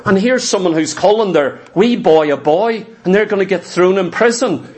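Preacher, high-pitched man, fervent emphatic sermon delivery. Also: normal speed. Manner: fervent, emphatic, repeats for stress.

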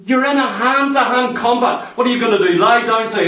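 A man's voice: very high voice, fairly quick, sharp tone. A man preaching a sermon, pressing the congregation with emphatic rhetorical questions. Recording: echoey hall, mic far off.

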